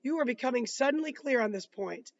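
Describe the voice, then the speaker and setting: A man reading aloud, voicing a calm, patient lawyer cross-examining a witness in measured questions. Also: very high-pitched, muffled recording. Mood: probing.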